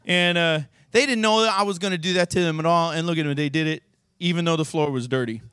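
A man's voice: on the high side, fast talker, a bit bright, clear, resonant tone, no echo. A man leading a youth sermon, playful and goading, calling out exercise cues to volunteers before an audience.

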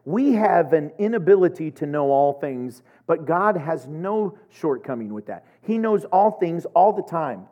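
Animated middle-aged male preacher. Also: high voice. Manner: animated storyteller, acts out voices, laughs often. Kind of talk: sermon with humorous anecdotes.

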